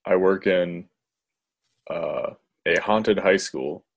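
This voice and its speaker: Young male co-host, deep voice, slow hesitant delivery. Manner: hesitant, many ums and pauses. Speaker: podcast co-host. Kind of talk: casual storytelling chat.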